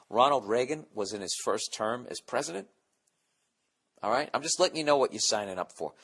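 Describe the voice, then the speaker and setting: A man's voice: fairly low pitch, expressive, normal speed, gravelly, pauses often, fairly bright tone, breathy edge. A man in his forties hosting a podcast, rambling through a casual comedic monologue with profane, sarcastic rants. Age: 40s. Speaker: podcast host.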